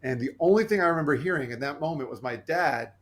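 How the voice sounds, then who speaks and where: A man who is a podcast guest, telling a personal story in an earnest, animated way and acting out the voices he quotes. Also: fairly high pitch, quick pace.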